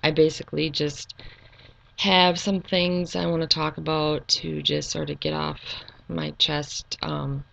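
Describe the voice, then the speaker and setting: Soft-spoken woman with a gravelly low voice. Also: flat delivery, measured pace. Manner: soft-spoken and earnest, with hesitant ums. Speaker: YouTube channel creator. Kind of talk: personal reflective monologue.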